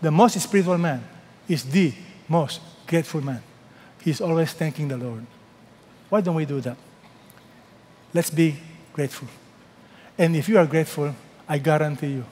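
A man preaching a sermon as pastor, emphatic, with dramatic pauses and words dropped to a hush. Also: fairly high pitch, husky, long reverb tail.

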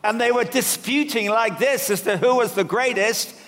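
A man preaching a sermon, telling the story in an animated, humorous way. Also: very high-pitched, moderate pace. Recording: reverberant hall.

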